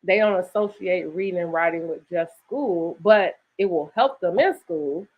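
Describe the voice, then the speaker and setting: A woman with a lowish voice speaks at a moderate pace, co-hosting and organizing a literary festival. Her casual promotional chat is upbeat and chatty, often checking in with "right?", and dental aligners give her a slight lisp; the audio is dull and lo-fi.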